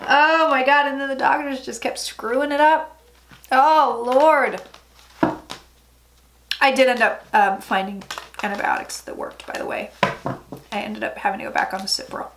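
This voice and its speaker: High-voiced chatty woman psychic. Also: fairly even intonation, normal speed, long pauses, noisy background. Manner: chatty, emphatic, drifting into murmured asides. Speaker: psychic tarot reader. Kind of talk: casual tarot reading vlog.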